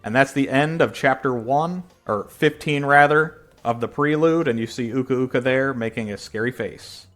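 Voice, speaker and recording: A man casually retelling a fan comic, rambling and correcting himself as he goes. His voice sits at an everyday middle pitch, and faint music plays under it. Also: moderate pace, few pauses, fairly bright tone. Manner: rambling, with fillers and self-corrections. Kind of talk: casual storytelling.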